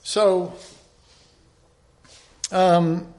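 A man teaching an informal Bible study, rambling and conversational, with many restarts, often dropping to a soft, earnest hush. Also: sits high, flat delivery, extremely slow.

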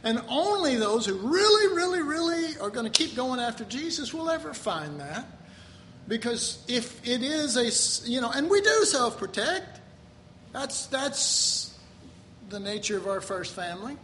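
A high-pitched man preaching to a congregation. He talks in an animated way, jumps into exaggerated quoted voices, and chuckles often between lines. A faint room hum sits behind him. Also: a little slow. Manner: chuckles often while talking. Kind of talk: sermon.

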